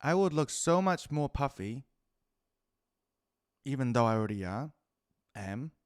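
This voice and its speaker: A man with a New Zealand accent ranting profanely through a rambling solo monologue, swinging between loud outbursts and muttered asides. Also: medium pitch, sing-song, a little slow, clear, resonant tone, no room sound, studio quality. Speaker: podcast host.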